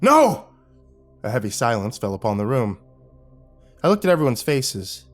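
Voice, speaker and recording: A man narrating a horror story in a steady storytelling delivery. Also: mid-range voice, fairly quick, soft background music.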